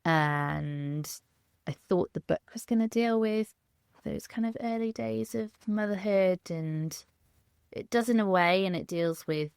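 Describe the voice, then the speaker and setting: Creaky woman podcaster. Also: medium pitch, a little slow, no echo, clean studio sound. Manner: relaxed, conversational, uses fillers like "kind of". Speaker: podcast co-host. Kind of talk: casual book chat.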